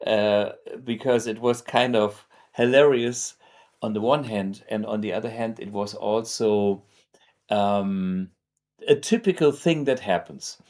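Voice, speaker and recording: A man's voice: lowish voice, a little slow, a little mellow. A German man hosting a guitar show, talking casually to camera in English with many fillers and restarts. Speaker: host.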